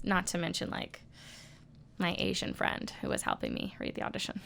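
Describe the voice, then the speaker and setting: A woman's voice: medium pitch, wildly swooping pitch, quick pace, creaky. A woman co-hosting a podcast, chatting casually and animatedly, swearing now and then. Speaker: podcast co-host. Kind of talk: casual chat.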